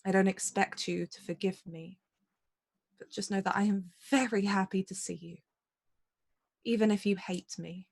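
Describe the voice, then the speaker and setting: A grieving noblewoman in a tabletop role-play, earnest and remorseful, pleading with her estranged younger sister, as a woman player acts her out. She speaks in a halting, apologetic way at a middle pitch. Her voice stays close to an ordinary speaking voice. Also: steady tone, vocal fry, a little mellow.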